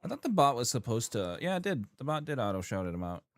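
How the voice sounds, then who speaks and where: A fast-talking man with a mid-range voice streams a game and chats casually with his viewers. He's animated and playfully exasperated with himself, often laughing at his own mistakes.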